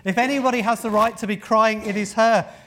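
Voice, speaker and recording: A man's voice: high-pitched, steady tone, a little fast, sharp tone, a little hiss or hum, voice pushed up. A man playing an outraged onlooker. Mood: indignant. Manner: outraged, stammering protest. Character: indignant male onlooker objecting to harsh words.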